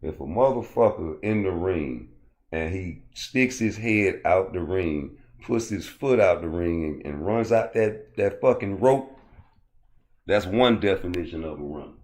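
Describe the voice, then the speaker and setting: A man's voice: deep voice, expressive, a little slow, darkish tone. A man hosting a casual livestream, rambling and cursing as he answers chat comments. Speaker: livestream host.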